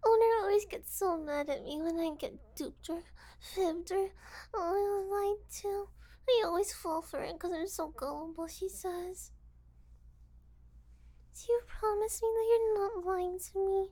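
A young woman voices an easily flustered, gullible and eager character in an intimate audio role-play, full of giggles, stammering and breathy whispers. She speaks at a measured pace, her pitch extremely high and her tone warm.

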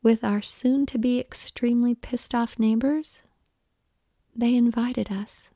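A woman voicing a big, calm, plainspoken man in whispered role-play. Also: a little high, takes it slowly, no echo, studio quality. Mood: cheerful.

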